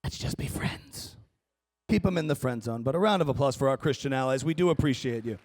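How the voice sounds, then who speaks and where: A man doing a stand-up comedy set on a conference stage, wry and animated, playing to the crowd. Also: medium pitch, fast talker. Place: large conference hall stage.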